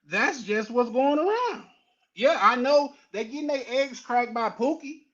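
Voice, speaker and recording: A man with a high voice chats as a guest. He jokes in loose slang. The recording sounds dull and lo-fi. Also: lively intonation, measured pace, fairly bright tone. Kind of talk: casual discussion.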